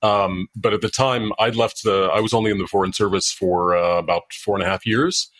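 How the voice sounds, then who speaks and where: A man giving halting interview answers as an author and former diplomat, full of fillers and restarts. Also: on the low side, steady tone, fairly bright tone, dry recording. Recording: dry sound, breaking up at times.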